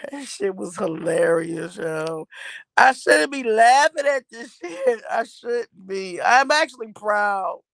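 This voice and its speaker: Chatting with viewers, a middle-aged Texan mom describes her son's new job in a loose, animated way, laughing often and using Southern slang. Her ordinary-pitched voice is slow and gravelly, recorded close and dry with no room sound.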